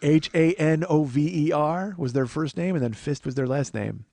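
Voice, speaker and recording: A man in his forties hosts a casual comedy podcast, rambling from one thought to the next and poking fun at himself. He swears freely and often. His voice sits a little high and is recorded close and dry, with no room sound. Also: normal speed, gravelly, a little mellow, no echo. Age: 40s. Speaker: podcast host.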